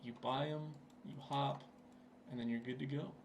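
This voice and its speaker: A man's voice: medium pitch, steady tone, normal speed, a little hiss or hum. A young man giving casual, rambling commentary over his gameplay, with plenty of fillers, recorded at his computer. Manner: laid-back, rambling, with frequent fillers. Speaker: gaming channel host.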